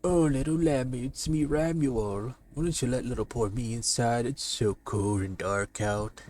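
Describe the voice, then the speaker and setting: A man's voice: mid-range voice, normal speed, a little mellow, lightly acted. A man voicing a sly, hungry male wolf in a playful dramatic reading of a comic, whiny and theatrically pleading. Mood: sweetly coaxing.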